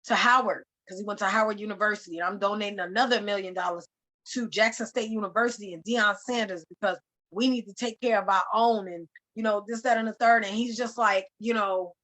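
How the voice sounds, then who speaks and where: An animated woman hosts a podcast in a casual, slangy style. She tells her story loosely and swears now and then. Her voice sits at an ordinary middle pitch. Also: brisk. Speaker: podcast host. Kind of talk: casual chat.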